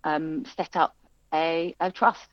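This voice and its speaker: A woman's voice: deep voice, slow, no echo, highs cut off. A woman who runs a music venue, telling her story in an interview with lots of fillers and restarts. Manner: chatty, animated storytelling with many fillers and restarts. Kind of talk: interview conversation.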